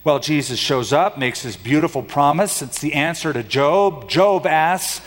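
A man's voice: fairly high pitch, expressive, moderate pace, hardly any pauses, a bit bright. A man preaching a sermon in a dramatic style, asking the congregation rhetorical questions. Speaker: pastor. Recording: long hall reverb.

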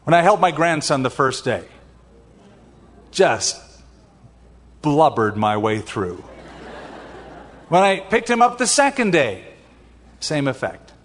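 A man's voice: fairly high pitch, big pitch swings, takes it slowly, pauses often, long reverb tail. An older man preaching a sermon in a conversational way, with personal asides. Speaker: pastor.

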